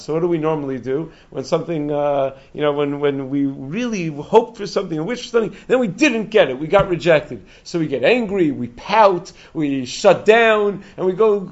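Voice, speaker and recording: A man telling stories in a Torah talk, animated, chuckling and often restarting his sentences. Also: a little high. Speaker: speaker giving a Torah talk. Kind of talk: storytelling talk. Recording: dull lo-fi recording.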